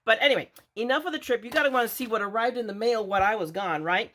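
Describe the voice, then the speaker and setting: A woman's voice: fairly high pitch, quick pace, a bit bright. An older woman from Latin America, chatting casually and rambling as she unboxes craft supplies for her vlog. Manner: chatty, rambling, frequent restarts. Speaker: craft vlogger.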